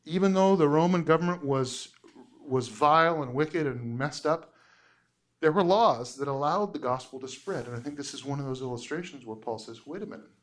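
A man teaching a casual Bible lesson, telling the story with lively quoted voices and frequent laughs. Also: on the high side, moderate pace. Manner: animated storytelling, acts out quotes, laughs often.

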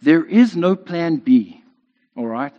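Slow yet animated, a man with a fairly high-pitched voice preaches in a chatty way, repeatedly asking "right?" The audio is lo-fi and dull, echoing with long reverb in a hall.

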